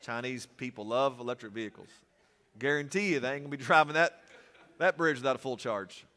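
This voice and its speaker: A male pastor preaching a sermon, animated, with humorous asides and swings from loud to soft. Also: mid-range voice, fairly quick. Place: church sanctuary. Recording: long reverb of a church hall.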